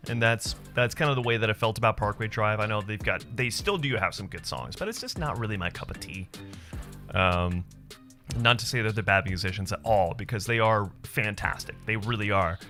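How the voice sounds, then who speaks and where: A man in his thirties is live streaming, chatting casually with viewers and telling loose stories full of swearing and frequent laughter. His voice is on the low side, pushed and bright, moving a little fast over soft background music.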